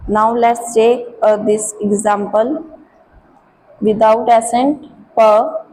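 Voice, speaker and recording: Woman teacher, slow and patient, mellow tone, slight background hiss. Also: a little high, poor audio. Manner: slow, careful explaining, switching into Hindi. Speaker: French teacher. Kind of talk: classroom lesson.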